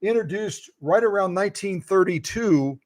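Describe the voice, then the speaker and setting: A middle-aged man with a gravelly voice, hosting a casual sewing machine demonstration and playfully quizzing his viewers. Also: high-pitched, expressive, normal speed, no echo, poor audio. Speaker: sewing machine restorer and channel host.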